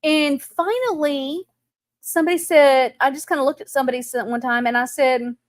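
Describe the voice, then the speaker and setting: Texan lady chatting on a livestream, bit higher voice, laughs a lot, dry close sound. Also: moderate pace, no echo. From Texas. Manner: chatty, laughs often, greets viewers. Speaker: livestream host. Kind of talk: casual live chat.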